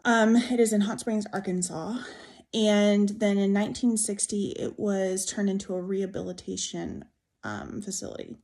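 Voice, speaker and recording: A woman's voice: medium pitch, normal speed, a little mellow. A young woman earnestly narrating a ghost story as a storytime, chatty and full of fillers. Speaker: storyteller in a played clip.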